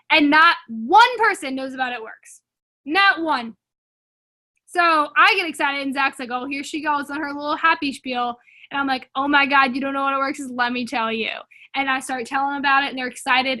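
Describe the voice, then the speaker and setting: A woman's voice: high-pitched, pushed and bright. Young woman, team leader, casual motivational chat with lots of "like", upbeat and pushy, video-call mic. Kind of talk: casual pep talk.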